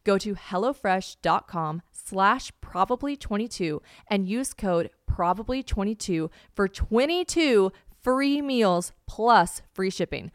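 A woman's voice: mid-range voice, lively intonation, takes it slowly, dry recording, clean studio sound. A young adult woman, hosting a podcast in a chatty, casual way and talking to listeners as y'all. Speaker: podcast host. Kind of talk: casual chat and read ad.

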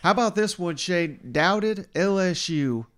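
A man's voice: high voice, animated, a little slow, fairly bright tone, smooth. A man hosting a sports podcast, chatting casually and poking fun at his own bad predictions. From Southern United States. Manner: self-mocking, conversational. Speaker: podcast host.

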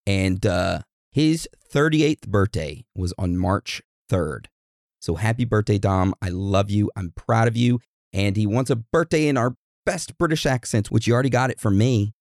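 A low, gravelly man co-hosts a podcast in loose, joking chat. The recording is dry and close, with no room sound at all. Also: lively intonation, normal speed, darkish tone, no room sound. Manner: laid-back, rambling, joking. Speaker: podcast co-host. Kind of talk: casual chat.

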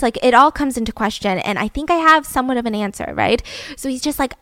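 A woman's voice: fairly high pitch, fast, no echo, studio quality. A young adult woman hosting a podcast, telling a true-crime story casually and animatedly, full of filler words. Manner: animated, heavy use of "like" fillers. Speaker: podcast host.

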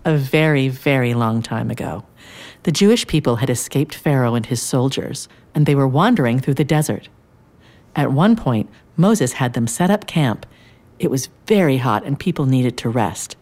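A low, gentle grandmother storyteller. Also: expressive, moderate pace, exaggerated voice. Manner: gentle, warm-toned storytelling. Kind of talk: scripted children's audio drama.

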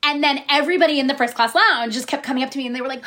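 A woman in her forties, a guest actress in casual chat, telling stories in an animated way and talking nonstop. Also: sits high, rapid-fire, few pauses. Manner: chatty, animated, talks nonstop.

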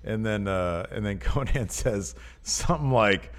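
A man's voice: on the low side, animated, unhurried. Man, casual podcast co-host, rambling and amused, lots of uhs. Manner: rambling, filler-heavy, amused. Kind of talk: casual wrestling news chat.

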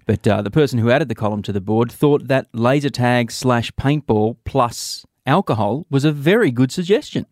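A man co-hosting a radio show, trading quick playful quips and laughing often. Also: mid-range voice, animated, a little mellow, dry recording, studio quality. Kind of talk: casual banter.

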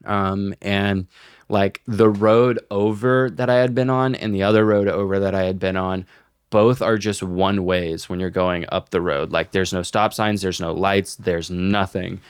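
Young guy podcast cohost, kinda low smooth voice, dry close sound, swears a ton. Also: unhurried, dry recording. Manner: swears a lot, animated storytelling. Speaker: podcast co-host. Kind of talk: casual chat.

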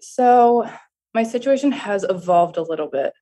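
A woman's voice: a little high, animated, moderate pace, mellow. A woman in her twenties calling in to a podcast, explaining her dating situation hesitantly with lots of fillers. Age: 20s. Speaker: caller. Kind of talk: casual phone-in chat.

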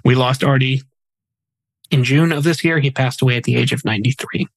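A man's voice: medium pitch, steady tone, a little fast, dry recording, low-quality recording. Chatty male podcast host, dry sound. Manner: chatty, jokey asides between solemn facts. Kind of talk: casual podcast narration of memorial segments.

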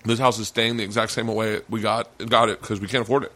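A man's voice: fairly low pitch, fast. A man hosting a podcast, chatting casually and telling stories with lots of swearing and acted-out quotes. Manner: animated storyteller, swears freely, acts out quotes loudly. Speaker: podcast host. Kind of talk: casual chat. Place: home mancave.

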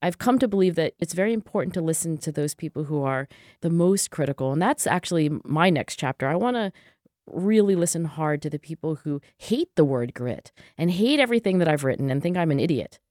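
A woman psychologist and author being interviewed, speaking in an earnest, thoughtful way with quick restarts. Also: low voice, expressive, darkish tone, no room sound, studio quality. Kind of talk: interview conversation.

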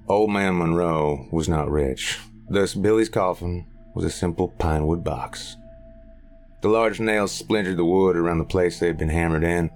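A man with a very deep, low voice narrating a scripted horror tale. He reads in a measured, grave way over faint music.

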